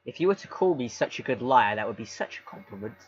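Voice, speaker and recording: A man playing a tabletop game in character as a lawyer, with a smug, measured courtroom delivery. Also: medium pitch, lively intonation, lo-fi sound, slight background noise. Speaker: player.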